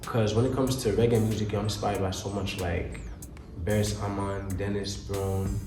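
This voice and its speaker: Laid-back low-voiced man, echoey room. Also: little pitch movement, moderate pace. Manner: laid-back slangy storytelling, laughs often. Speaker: recording artist. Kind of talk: casual interview talk. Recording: echoey room with music playing.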